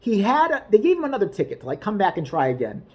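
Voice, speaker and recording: Woman, casual rant, lively swooping pitch, heavy swearing, laughing, mock outrage. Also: fast, husky. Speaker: vlogger reviewing a TV show.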